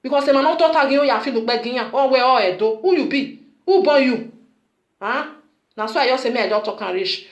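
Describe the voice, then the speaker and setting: Woman vlogger, Nigerian Pidgin accent, high and scolding, in a roomy echo. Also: lively intonation, a little fast, muffled recording. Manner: scolding, repetitive, rhetorical "huh?". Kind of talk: scolding video message.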